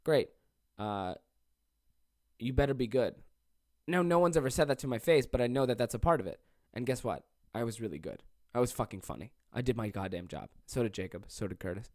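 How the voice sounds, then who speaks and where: A jet-lagged young man rambles through a solo podcast, swearing freely and poking fun at himself. His voice sits at an ordinary pitch and sounds close and dry. He is alone in a small room. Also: animated, a little fast, a little mellow, dry recording. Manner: rambling, profane, self-deprecating. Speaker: podcast host and stand-up comedian. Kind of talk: casual solo podcast monologue.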